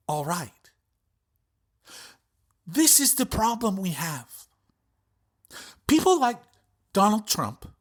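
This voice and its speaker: A man's voice: high-pitched, fairly bright tone. A male podcast host giving an impassioned, profane political rant with heavy emphasis.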